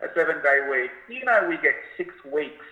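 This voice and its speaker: A man's voice: a little high, animated, moderate pace, pushed and bright, echoey room, poor audio. A middle-aged man, an author, telling stories with enthusiasm in a conversational interview and quoting the people in them. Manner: enthusiastic, anecdotal, quotes people in his stories. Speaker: author and guest.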